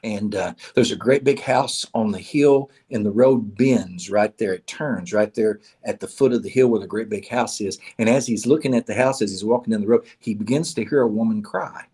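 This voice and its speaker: A man's voice: lowish voice, normal speed, hardly any pauses, a little mellow, slightly rough. A man telling a parable at a church in a folksy way, often repeating his words. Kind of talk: told parable.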